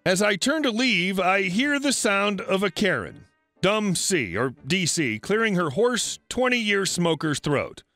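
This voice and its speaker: A man narrating online stories in a scripted reading, with lively delivery. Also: high-pitched, a little slow, no echo. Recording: faint background music.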